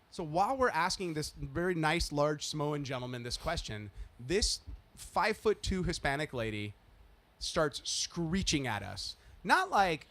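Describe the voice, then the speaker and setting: Animated swearing man spinning a story. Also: a little high, normal speed. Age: 30s. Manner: animated storytelling, swears freely, acts out quotes loudly. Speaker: podcast co-host. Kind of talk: casual chat.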